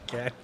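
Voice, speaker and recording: A man's voice: sits high, a little mellow, a little hiss or hum. A man hosting a livestream, giving blunt, profane political commentary over a clip. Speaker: livestream host.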